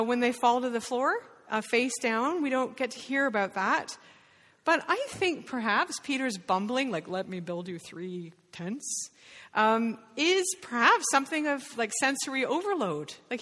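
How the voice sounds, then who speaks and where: Bright-voiced woman quizzing a Bible class. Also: high voice. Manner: quizzes the group with rapid questions. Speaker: Bible study leader. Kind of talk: interactive Bible lesson. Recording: reverberant hall.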